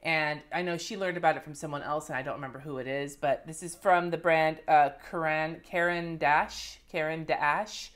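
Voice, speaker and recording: A woman in her thirties with a low, deep-set voice talks straight to the camera in a casual vlog. She is chatty and loose, with plenty of swearing and asides as she holds things up to show. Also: steady tone, fairly quick, few pauses. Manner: chatty and profane, showing items to the camera. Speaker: planner and lettering vlogger. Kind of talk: casual monthly favorites vlog.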